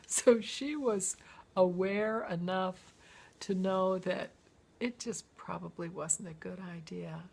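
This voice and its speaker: Slow, gravelly woman telling a memoir. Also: lowish voice. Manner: lively storytelling, acts out quoted voices and breaks into song. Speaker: memoir author and storyteller. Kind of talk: reading a personal memoir aloud.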